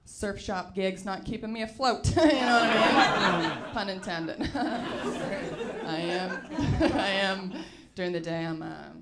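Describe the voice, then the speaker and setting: A woman's voice: medium pitch, fairly even intonation, takes it slowly, a loud crowd. A young woman doing a teasing, self-deprecating stand-up set on a club stage, laughing at her own jokes. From Sweden. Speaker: stand-up comedian. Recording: noisy live club recording. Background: audience laughter.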